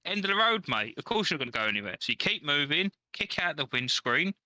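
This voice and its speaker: A man's voice: on the high side, sing-song, fast talker, sharp tone, no echo. A man co-hosting a casual podcast chat, cheeky and jokey, swearing casually. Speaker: podcast co-host.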